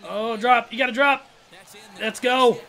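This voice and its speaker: A young man, commenting excitedly on his own video game at-bats, trash-talking and calling everyone "dog" and "bro". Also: very high voice, measured pace. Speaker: gaming channel host.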